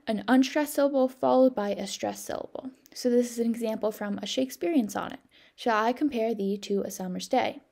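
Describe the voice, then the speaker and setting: Young woman tutor with a gravelly edge. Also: a little high, a little mellow. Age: young adult. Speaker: student tutor. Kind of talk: scripted lesson voice-over.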